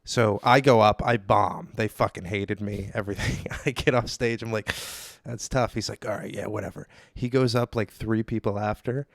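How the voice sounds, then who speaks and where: Young male comic host, lively story delivery, dead-dry close mic. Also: lowish voice, normal speed, few pauses, dry recording. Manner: animated storyteller, acts out quoted voices loudly. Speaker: podcast host. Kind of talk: casual comedy podcast chat.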